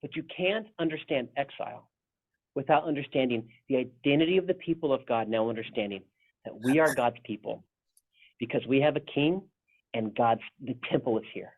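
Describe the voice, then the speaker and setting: A man's voice: medium pitch, brisk. A male pastor leading a casual Bible study discussion, rambling with frequent restarts. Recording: tinny phone-like sound.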